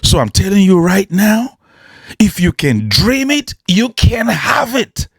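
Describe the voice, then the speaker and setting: A man's voice: high-pitched, sing-song, slow, slightly rough, no echo, clean studio sound. A man preaching and storytelling with emphasis, often repeating lines rhetorically. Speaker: motivational preacher.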